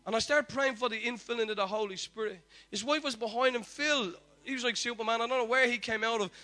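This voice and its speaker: A man's voice: very high-pitched, bright, forceful tone. A man preaching a sermon, telling a testimony with fervent, repeated declarations.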